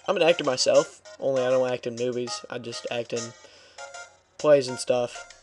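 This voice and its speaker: A young man making casual, joking asides while playing through a game, laid-back and loose. his voice sits at an ordinary middle pitch, with faint music under it. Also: steady tone, normal speed, a little mellow. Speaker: let's play host. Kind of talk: casual gaming commentary.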